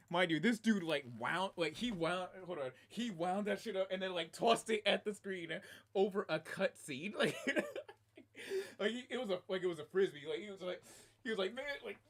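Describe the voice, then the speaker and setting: Excitable, laughing streamer guy with lively pitch. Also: moderate pace. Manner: excitable, rambling, breaks into laughter. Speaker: game streamer. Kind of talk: casual livestream chat. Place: room at home.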